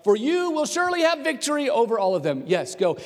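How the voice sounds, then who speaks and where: A man's voice: extremely high pitch, wildly swooping pitch, measured pace, warm tone, pitched above the performer's own voice, heavily acted. A man preaching who voices a bold male prophet speaking to a king. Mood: sarcastic. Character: sarcastic male prophet, then grave and solemn.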